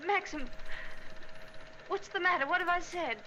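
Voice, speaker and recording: An actress playing a shy, anxious young bride, speaking in a hesitant, pleading way with stammering starts, in 1940s film acting. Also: female voice, extremely high pitch, normal speed, pushed and bright, a little hiss or hum. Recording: muffled old film soundtrack.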